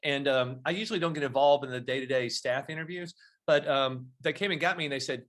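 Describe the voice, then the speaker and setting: Bright-voiced middle-aged man telling stories. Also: mid-range voice, quick pace. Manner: storytelling, animated when acting out dialogue. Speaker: guest. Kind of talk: podcast interview.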